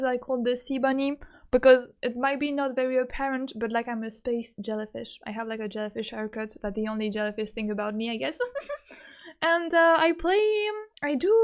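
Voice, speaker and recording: A woman's voice: sits high, smooth. A young woman from France with a French accent, chatting casually and giggling often with her live-stream viewers.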